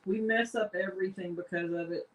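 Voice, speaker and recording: A woman's voice: mid-range voice, fairly even intonation, brisk. Woman chiming in on a chat, a little noise behind her. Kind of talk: casual chat.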